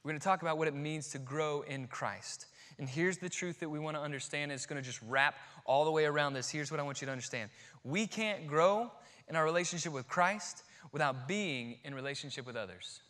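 A male pastor in his thirties preaches with a high, bright voice. He swings between hushed, deliberate emphasis and loud, rising passages, drawing out key phrases slowly. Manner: dynamic preaching, swinging between quiet emphasis and near-shouting. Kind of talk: sermon.

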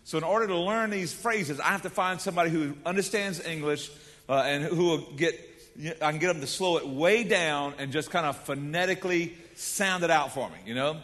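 A man preaching a sermon in a folksy, animated way, with casual asides to the congregation. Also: on the high side, a little fast, in a large hall. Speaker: pastor.

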